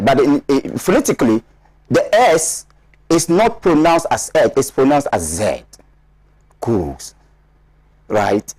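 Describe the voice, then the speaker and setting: A man from Ghana sits on a studio panel and explains a point in a lecturing, emphatic way, repeating words as he builds up. His voice sits a little high and swings up and down a lot. The sound is dry and close. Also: a little mellow, dry recording. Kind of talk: studio discussion analysis.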